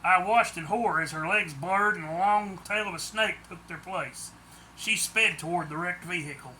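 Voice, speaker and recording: Bright, high-voiced man reading a story. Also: normal speed, a little hiss or hum. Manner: plain reading with restarts and slips. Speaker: audiobook narrator. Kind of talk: first-person story reading.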